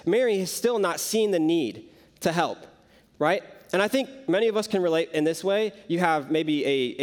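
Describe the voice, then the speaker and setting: High-voiced young man preaching casually. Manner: conversational, many "like" and "right?" asides. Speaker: youth preacher. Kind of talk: casual sermon storytelling.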